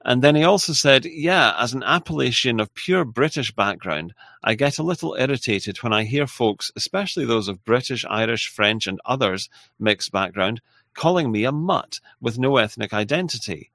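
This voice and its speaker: A man hosting a casual livestream, reading viewer messages aloud in a halting, apologetic way. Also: mid-range voice, lively intonation, creaky, sharp tone, no room sound. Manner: halting and apologetic, with frequent restarts and laughs. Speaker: livestream host.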